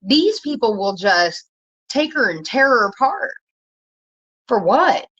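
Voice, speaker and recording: A woman ranting casually on her own channel, blunt and profane, rambling and jumping in pitch when she gets worked up. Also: big pitch swings, slow pace, a bit bright, slightly rough, dull audio. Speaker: commentary vlogger.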